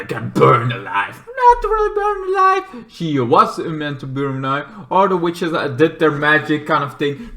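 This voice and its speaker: A man casually reviewing a TV episode, rambling with lots of filler phrases and sudden animated outbursts. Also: mid-range voice. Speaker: show reviewer.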